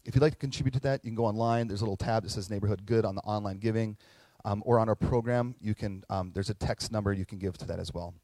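A man's voice: lowish voice, quick pace, warm tone, no echo. A middle-aged man preaching a sermon as pastor, earnest and conversational, telling stories and acting out quotes. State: tearing up at moments.

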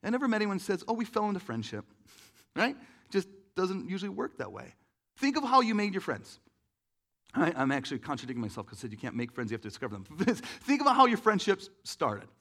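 A man's voice: high-pitched, very animated, fast, fairly bright tone. A man preaching a conversational sermon, talking casually with many fillers and asking the audience questions. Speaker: pastor.

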